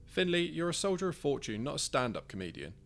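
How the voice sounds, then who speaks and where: Bloke putting on a dry welsh team leader, accent mostly faded, raised voice, gravelly. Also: male voice, on the high side, big pitch swings, quick pace, fairly bright tone, pitched above the performer's own voice, full character voice.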